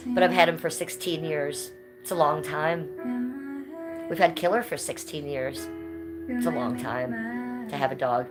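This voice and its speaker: A woman's voice: low-pitched, rough recording. A woman livestreaming from home in casual chat, blunt and combative, swearing freely. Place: indoors at home, high-ceilinged room.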